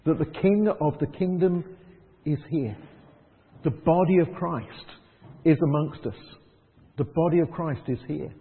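A man's voice: a little high, unhurried, pauses often. Male pastor, chatty sermon style, long reverb. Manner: conversational, rhetorical questions, acts out quoted voices. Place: church hall. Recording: tinny phone-like sound in a long-echo hall.

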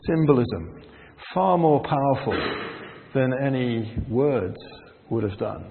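A man preaching a sermon, speaking emphatically with dramatic pauses. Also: medium pitch, expressive. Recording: echoey hall over a tinny line.

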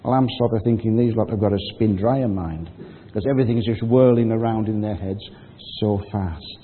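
A man's voice: on the low side, normal speed, slight background noise. A man giving a sermon, telling the story in a conversational way and acting out the quotes. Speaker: preacher. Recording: phone-like audio with long hall reverb.

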